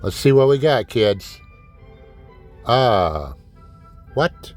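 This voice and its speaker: A man's voice: mid-range voice, lively intonation, very slow, faint music behind. A man hosting a diecast car vlog in a casual, exasperated ranting way, swearing often and sarcastically calling his viewers kids. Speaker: diecast collector host.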